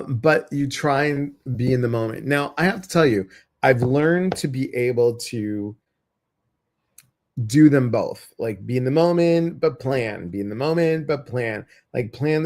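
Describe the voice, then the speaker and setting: A man's voice: mid-range voice, a little mellow. A man hosting a meditation group, talking casually and rambling with many fillers. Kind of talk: casual chat to a live audience.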